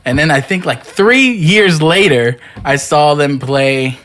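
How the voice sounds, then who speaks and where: A man's voice: fairly high pitch, slow, a bit bright. Man rambling through a story. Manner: rambling storyteller, heavy on "like" and "you know what I mean". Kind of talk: casual podcast chat.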